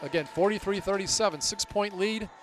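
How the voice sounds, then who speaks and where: A man announcing a basketball game play by play, getting loud and excited during plays. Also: high-pitched, a little fast, music in the background. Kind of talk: live basketball commentary.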